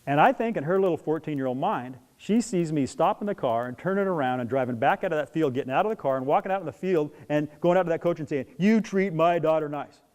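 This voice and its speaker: Lively, animated middle-aged man speaker. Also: a little high, quick pace, few pauses. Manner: animated storyteller who acts out scenes. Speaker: speaker on parenting young athletes. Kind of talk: talk to an audience.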